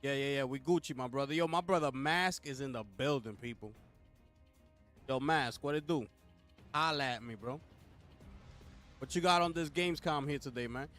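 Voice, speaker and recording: A man's voice: mid-range voice, moderate pace, pauses often, fairly bright tone, soft background music. A young man hosting a casual live co-stream, hyped and calling out to his chat with repeated slang. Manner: hyped, talks straight to chat with repeated slang call-outs. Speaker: livestream host.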